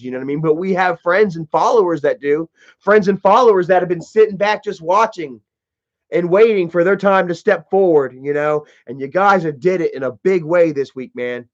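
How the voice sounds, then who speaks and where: A man hosting a livestream, talking in a casual, profane and mocking way and saying "you know" a lot. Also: fairly high pitch. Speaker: livestream host. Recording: dull lo-fi stream audio.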